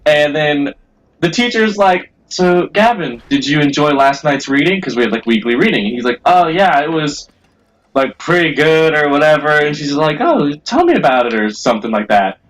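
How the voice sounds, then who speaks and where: A man's voice: a little high, lively intonation, moderate pace, poor audio. A young man co-hosting a casual gaming video, rambling through a school story with many fillers. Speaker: co-host.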